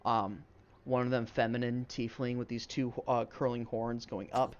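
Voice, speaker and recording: A man's voice: medium pitch, level tone, moderate pace, muffled recording, a little hiss or hum. A man narrating as game master of a tabletop game, describing scenes in a loose, rambling way full of fillers.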